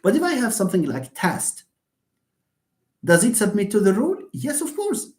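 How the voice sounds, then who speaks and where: A man's voice: high voice, darkish tone. A man lecturing live, answering his own questions and often repeating words as he thinks aloud. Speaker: university lecturer. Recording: roomy echo.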